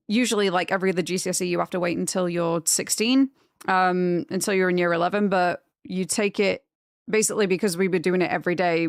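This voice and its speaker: A woman's voice: lowish voice, no room sound. Chatty woman streamer, dry close sound. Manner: chatty and rambling, gushing when excited. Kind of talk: casual live-stream chat.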